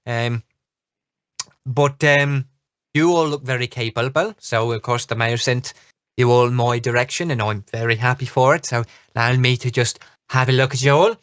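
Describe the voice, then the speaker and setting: Un homme jouant un capitaine halfling volubile. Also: male voice, medium pitch, normal speed, fairly bright tone, smooth, dry recording, clean studio sound, close to an everyday voice. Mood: flustered. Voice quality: thick brogue. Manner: rambling, full of ums and fawning compliments. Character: flustered chatty male halfling pirate captain.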